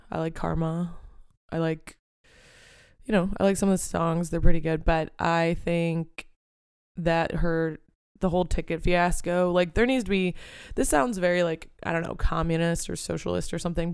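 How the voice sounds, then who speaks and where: Young woman podcast host, smooth voice with lots of vocal fry, swears a lot, rambles, dry close sound. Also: lowish voice, a little mellow, dry recording. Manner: ranting, profane, rambling with many fillers. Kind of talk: casual solo podcast chat.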